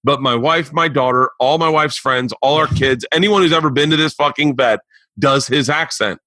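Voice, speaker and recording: A man in his forties hosting a podcast, telling stories in an animated, rambling, profane way. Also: on the high side, normal speed, dry recording. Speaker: podcast host. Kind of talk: casual chat.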